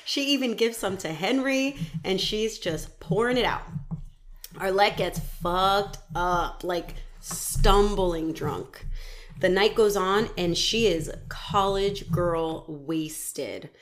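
Woman podcast host, casual storyteller, laughs and swears freely, mid-range pitch. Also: slow pace. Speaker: podcast host telling a true crime story.

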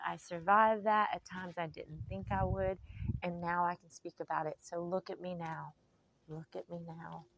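A middle-aged woman giving an emotional personal testimony, slow and heartfelt with faith-filled sighs and pauses. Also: lowish voice, gravelly, fairly bright tone, slight background noise. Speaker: vlogger.

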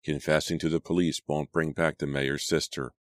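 A serious, solemn teenage boy, voiced by a male reader, talking in a slow, measured way. The voice is very deep and the sound dry and close. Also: level tone, no echo.

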